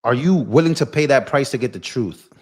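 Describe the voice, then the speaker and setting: His voice is medium-pitched with lively intonation, a brisk pace and a breathy edge. The young political live streamer rants passionately, addressing his viewers directly as bro and y'all.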